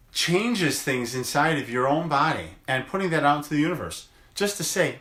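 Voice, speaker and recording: A man who works as a chiropractor gives a motivational daily video message, talking slowly and deliberately in gentle encouragement and drawing out words for emphasis. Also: on the high side, expressive, reverberant.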